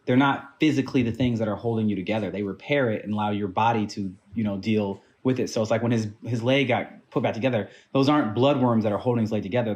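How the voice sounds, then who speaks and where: A man's voice: lowish voice, darkish tone. A man co-hosting a podcast, talking animatedly and picking apart the story's logic. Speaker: podcast co-host. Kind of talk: casual chat.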